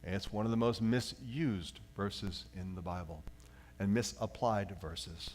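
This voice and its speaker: Animated male pastor preaching a sermon. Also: fairly low pitch, unhurried, a little hiss or hum. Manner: animated preaching, slips into acted voices; leads the congregation in reading aloud.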